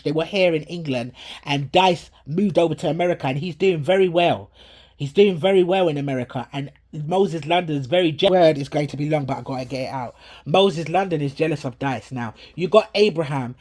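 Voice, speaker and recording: A prophetic ministry preacher at home in England, recorded on a handheld phone, earnestly warns about a dream and quotes scripture while commenting on the dream and a played video. The voice is mid-range and a little mellow, with a preachy tone.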